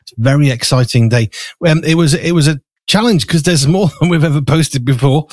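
A slightly higher-voiced man hosts a live studio show, talking in a loose, rambling way full of fillers. He sounds a little out of breath. The sound is dry and close. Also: brisk, no echo. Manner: chatty, rambling with fillers, eating while talking. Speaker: show host. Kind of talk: casual live studio chat. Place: small studio.

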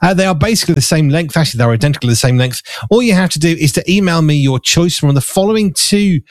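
A man's voice: a little high, animated, fast talker, no room sound. A British man hosting a live radio show, chatty and teasing, with a slightly rambling way of talking. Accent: British English. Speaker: radio presenter. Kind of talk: casual live radio chat. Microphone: studio microphone.

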